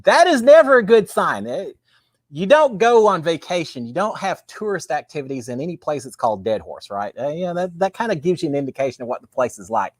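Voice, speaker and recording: Big pitch swings mark this man's slightly high voice as he talks a little fast, recorded at studio quality with no room sound. He has a Texan accent and hosts a casual, folksy live-stream chat on a webcam with a green screen, greeting viewers and reading their comments.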